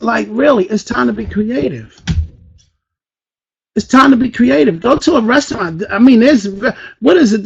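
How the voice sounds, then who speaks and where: Hyped high-voiced man revving up trainees. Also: slightly rough, lo-fi sound. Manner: hyped, high-energy, preacher-like exhortation; addresses the audience with questions. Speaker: business trainer. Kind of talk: motivational online training talk. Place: Philadelphia.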